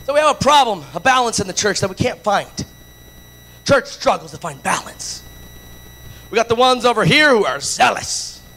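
A man from Latin America preaching a sermon with passion, rising to shouts and acting out the voices of others. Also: high-pitched, animated, moderate pace, a little hiss or hum, poor audio.

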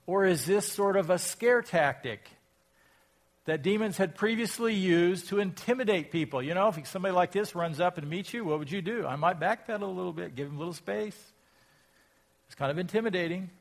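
A pastor preaching a sermon, reading scripture aloud and asking reflective, rhetorical questions. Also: male voice, high voice, a little fast, vocal fry. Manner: reflective, asks rhetorical questions, rises in volume when quoting scripture.

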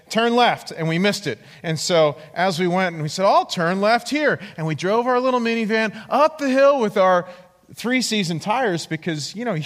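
A man with a somewhat high voice preaches in a church hall with a long, ringing echo. He tells his testimony as an animated story and acts out the voices of the people in it. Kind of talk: sermon with personal testimony.

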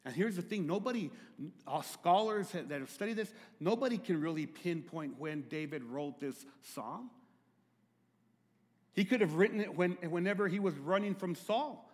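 A middle-aged male pastor preaching with a high, ringing voice. He drops to slow, hushed phrases, then climbs to loud, pleading cries. His words echo through a church sanctuary with a long, lingering reverb. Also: expressive. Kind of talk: sermon.

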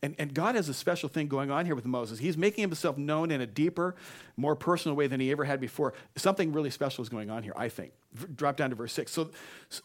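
A pastor preaching a sermon, reading scripture with emphatic repeated phrases and slipping into casual asides. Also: male voice, on the high side, fast. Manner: conversational asides with frequent restarts.

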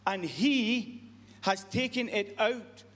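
High-voiced preacher in a reverberant hall. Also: male voice, takes it slowly, fairly bright tone. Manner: earnest, repetitive, frequent restarts. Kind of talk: sermon.

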